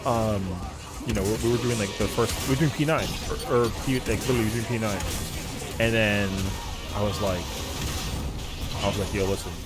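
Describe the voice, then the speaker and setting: Man, streamer, casual story, slangy, profane, animated, clear music behind. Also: fairly low pitch, a little fast, long pauses. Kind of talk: casual storytelling while gaming.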